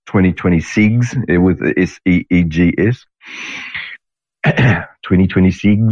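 A man in his sixties hosting his own show in a rambling, digressive monologue, restarting sentences and swearing now and then. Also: on the low side. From Australia. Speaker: podcast host. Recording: dull lo-fi audio.

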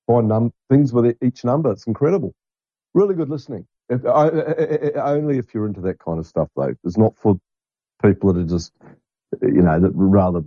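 A middle-aged man rambles bluntly through a casual podcast monologue and swears without a second thought. His voice is low, mellow and a little husky. The recording is dull and lo-fi, with a dry sound. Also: dry recording. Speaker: podcast host.

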